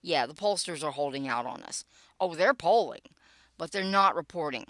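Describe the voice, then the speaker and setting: A woman's voice: sits low, animated, brisk, sharp tone, no room sound. Sardonic older woman reading her blog. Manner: wry and sarcastic, with dry asides. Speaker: political blogger and podcaster. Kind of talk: reading her own blog post aloud.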